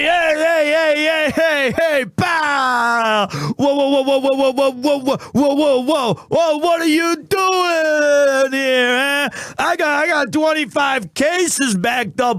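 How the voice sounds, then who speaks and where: Guy putting on a super high squawky game cop, shouty, all tough-guy wisecracks eh?, dry close sound. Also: no echo, exaggerated voice. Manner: shouty, rapid-fire. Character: loud excitable male police detective, bumbling and touchy. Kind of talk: video game voice-acting on a stream.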